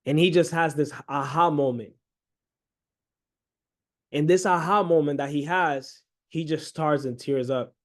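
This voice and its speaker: A young man preaching a story-sermon, acting out the excited son in a high voice and the father in a low, slow one.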